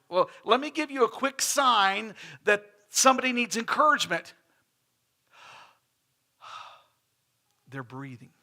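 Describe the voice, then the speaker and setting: A man's voice: high voice, sharp tone. A middle-aged man preaching a sermon in a church, folksy and conversational, with restarts and asides to the congregation. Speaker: pastor. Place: church sanctuary.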